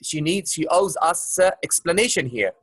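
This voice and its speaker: A man's voice: fairly high pitch, animated, moderate pace, a bit bright, breathy edge, no room sound. A male teacher leading an online class discussion, who keeps rephrasing his questions with plenty of filler uhs and calls his students love. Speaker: English teacher.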